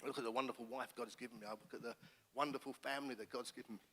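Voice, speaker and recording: A middle-aged man from England, a pastor telling his personal testimony in an animated storytelling manner, with frequent restarts. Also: medium pitch, rapid-fire. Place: church hall. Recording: reverberant church hall.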